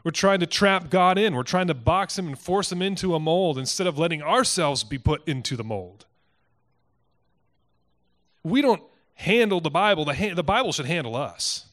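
A pastor from Iowa preaching a sermon in an earnest, emphatic way that builds to forceful peaks. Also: male voice, fairly high pitch, animated, moderate pace. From Iowa, United States.

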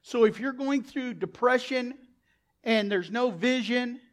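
Brief: male pastor, lively sermon delivery, loud bursts, acted-out quotes. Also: extremely high pitch, unhurried.

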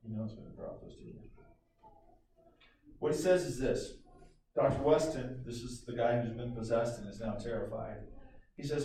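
A man preaching a sermon to his congregation in an animated, conversational way, calling for amens. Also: medium pitch, moderate pace, slight background noise. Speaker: pastor. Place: church sanctuary. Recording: echoey room from a distance.

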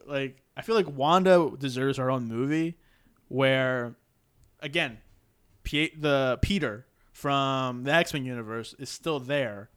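A man co-hosting a podcast in casual chat, rambling and halting with frequent restarts. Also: a little high, fairly bright tone, clear, resonant tone. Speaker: podcast co-host.

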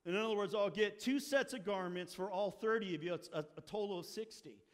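Male preacher, high-pitched, lively storyteller in sermon mode, long hall echo. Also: brisk. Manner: storytelling, acts out quoted characters, wry asides.

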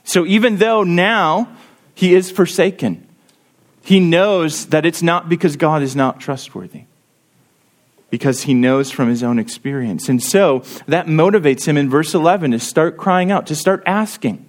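A man's voice: a little high, measured pace. A man preaching a sermon, earnestly explaining a psalm and reading its verses aloud with rising emphasis.

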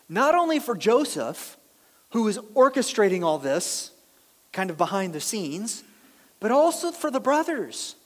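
A pastor delivers a sermon as animated storytelling, slipping in and out of the voices of the people in the story. The pitch swings widely and stays lively throughout. The voice carries the long reverb of a large church hall.

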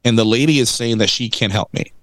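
A man in casual conversation, recounting a story with lots of energy. His pitch sits in a middle register and jumps up when he acts out other people. The sound is close and dry. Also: quick pace, dry recording. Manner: animated storyteller, acts out quotes. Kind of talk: casual chat.

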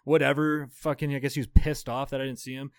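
A man's voice: medium pitch, fast, smooth, no echo, studio quality. Profane storytelling man in his thirties. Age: 30s. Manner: profane, animated storytelling with laughs. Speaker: podcast co-host. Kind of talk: casual chat.

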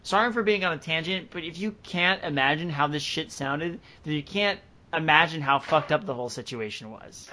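Bright, higher-voiced joking man. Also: moderate pace, slight background noise. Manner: crude, joking. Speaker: podcast co-host. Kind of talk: casual podcast chat and story reading.

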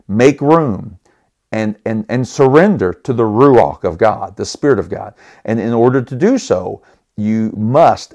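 A man's voice: medium pitch, a little mellow. A man teaching the Bible on a podcast in a conversational, earnest way, often restarting his words and putting questions to the listeners. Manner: appeals to listeners with rhetorical questions.

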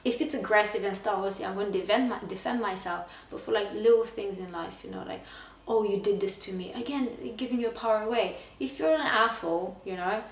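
A woman chats animatedly as a podcast guest, leaning on "like" and "you know" as she tells her stories. Her voice is neither high nor low. It bounces around an echoey room, picked up from some distance away, with a faint hiss underneath. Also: quick pace, few pauses. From Romania. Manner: animated storyteller, heavy use of "like" and "you know". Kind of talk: casual conversation.

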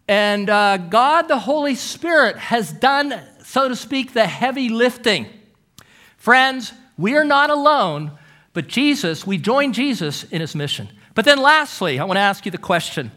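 Male preacher, middle-aged, high bright voice, storytelling sermon, emphatic pauses. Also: very animated.

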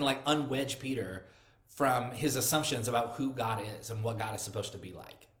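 A man preaching a sermon in a conversational way, often restarting and repeating words. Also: medium pitch. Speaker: pastor. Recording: echoey room.

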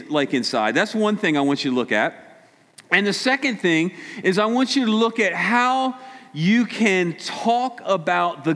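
High-voiced man preaching in a reverberant hall. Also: fairly bright tone. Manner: casual, sarcastic storytelling with acted quotes. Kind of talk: sermon.

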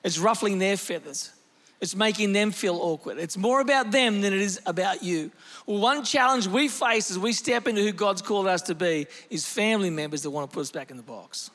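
A male pastor preaching a lively, animated sermon, with sudden shifts in pace and loudness as he tells a story. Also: high voice, a little fast, in a large hall.

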